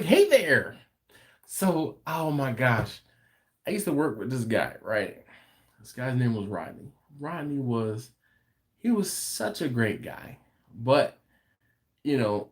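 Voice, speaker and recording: Late at night from home, a barbecue channel host chats on his livestream, reading comments aloud and laughing in an easygoing way. He has a slightly mellow mid-range voice.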